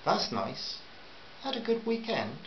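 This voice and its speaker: A man's voice: sits high, wildly swooping pitch, unhurried, voice pushed up, exaggerated voice. A man voicing a cheeky, teasing Northern Irish wife with a lilting voice, in a roomy, slightly dull recording with faint hiss. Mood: curious.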